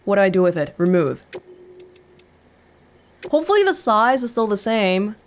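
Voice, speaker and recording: A woman's voice: medium pitch, big pitch swings, normal speed, slight background noise. Chatty woman narrating gameplay. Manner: chatty, thinking aloud. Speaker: let's play host. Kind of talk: casual gameplay commentary.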